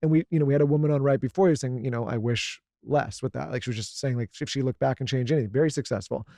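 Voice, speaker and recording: Fast-talking man, rambling podcast host. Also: medium pitch, creaky, warm tone, no echo, clean studio sound. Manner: rambling, fast, many fillers. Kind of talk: casual podcast conversation.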